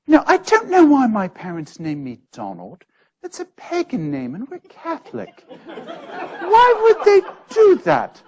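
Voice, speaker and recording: Give me a man playing a puzzled, rambling old doctor in his eighties, pitched high and lively. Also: a little slow, slightly rough, some chatter behind, heavily acted. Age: older. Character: confused eighty-year-old male country doctor, rambling.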